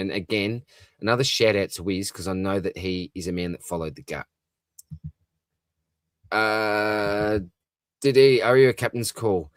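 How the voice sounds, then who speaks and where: An Australian man with a lowish voice hosts a live stream, reading out viewers' comments in a casual, upbeat way and laughing easily. The sound is studio quality with no room noise.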